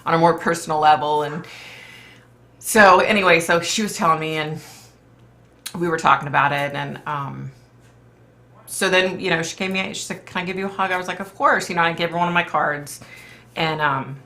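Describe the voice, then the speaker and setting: A woman's voice: low-pitched, normal speed, pauses often, a bit bright. A woman who is a psychic medium, hosting a casual live stream and rambling chattily, full of "like" and "you know.".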